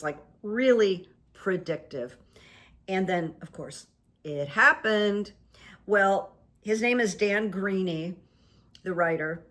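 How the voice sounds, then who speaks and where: Slow, meandering woman rune reader. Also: medium pitch, a bit bright. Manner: meandering, with many fillers and restarts. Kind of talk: casual monologue.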